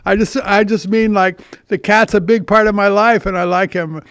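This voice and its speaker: A man's voice: high voice, steady tone, normal speed, a bit bright, smooth, dry recording. An older man hosting a podcast in casual chat, rambling with many restarts and blunt swearing. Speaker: podcast host.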